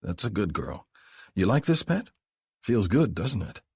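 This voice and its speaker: A man voicing a controlling former soldier in an audiobook, speaking low and slow, often dropping to a hush. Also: big pitch swings, vocal fry, slightly rough, dry recording, full character voice. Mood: commanding.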